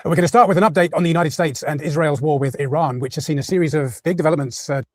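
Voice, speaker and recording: Male news presenter, slightly high voice, fast upbeat scripted read, dry sound. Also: dry recording. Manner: brisk upbeat newsreader delivery.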